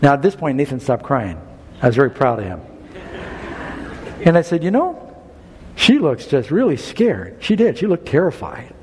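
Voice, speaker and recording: Man preaching with a higher voice in a reverberant hall. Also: brisk, slight background noise. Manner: storytelling, animated, rising to emphatic preaching. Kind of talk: sermon with personal story.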